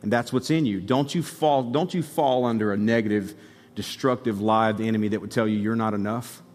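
A male pastor preaching a sermon, telling a story and building to excited exhortation. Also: lowish voice, brisk, in a large hall.

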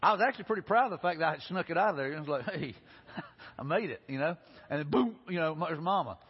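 A man preaching a sermon, telling stories in a folksy, animated way. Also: a little high, rapid-fire, slightly rough. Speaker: pastor. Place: church sanctuary. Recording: lo-fi recording with long hall reverb.

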